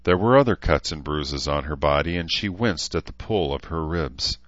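A man narrating a novel as an audiobook in an even, measured reading. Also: extremely low pitch, dry recording, highs cut off. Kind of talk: scripted narration.

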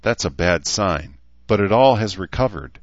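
A man's voice: low voice, lively intonation, normal speed, dry recording, muffled recording, voice pushed up. A man voicing a young woman healer who teases and scolds her patient bluntly. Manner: teasing, scolding.

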